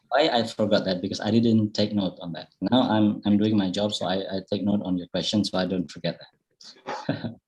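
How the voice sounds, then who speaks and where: A man from Bali with an Indonesian accent, answering audience questions in a relaxed, modest way during an online talk. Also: fairly low pitch. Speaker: guest speaker. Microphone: video call.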